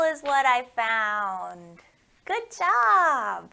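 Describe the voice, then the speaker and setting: Woman librarian for kids' storytime: high, very lively sing-song voice, unhurried, a touch of gravel. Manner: sing-song, playful, coaxing questions to kids. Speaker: children's librarian hosting storytime. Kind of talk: storytime for young children.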